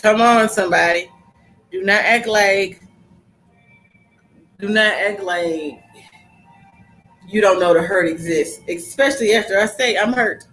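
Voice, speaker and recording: A woman's voice: medium pitch, measured pace, long pauses, a bit bright, soft background music, poor audio. A woman hosting a casual podcast, talking emphatically and repeating her points for stress. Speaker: podcast host.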